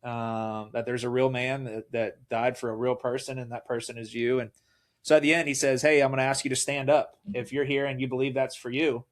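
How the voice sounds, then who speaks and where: A man telling his faith story in a casual podcast conversation, animated and acting out the voices of people he quotes. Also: medium pitch, brisk. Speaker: podcast guest.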